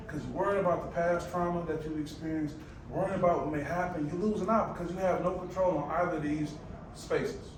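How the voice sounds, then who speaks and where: Man, 40s, speaker at a conference, animated and chatty, slightly high voice, heard from afar in a roomy hall. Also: background noise. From United States. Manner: animated, conversational, quotes people in voices. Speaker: sport psychology speaker. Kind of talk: conference presentation. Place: large presentation room. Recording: echoey room, mic at a distance.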